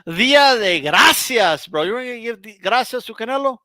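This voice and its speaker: A man's voice: very high-pitched, lively intonation, normal speed, bright, forceful tone, dry recording. A man co-hosting a boxing show, teasing his partner in casual comedic banter and saying "bro" constantly. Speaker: co-host.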